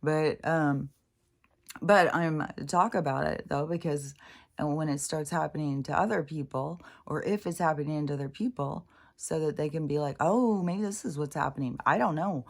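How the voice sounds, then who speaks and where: At a moderate pace, a middle-aged woman with a low, gravelly voice, a spiritual vlogger, talks in a meandering, casual way, swearing without restraint, laughing frequently and trailing off partway through ideas.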